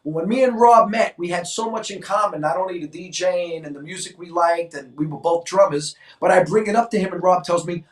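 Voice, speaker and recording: A man in his sixties from New York, a co-host telling stories in an animated way and acting out voices in casual chat. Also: high-pitched, brisk, few pauses. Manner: animated, acts out quoted voices. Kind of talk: casual storytelling. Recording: echoey room, mic at a distance.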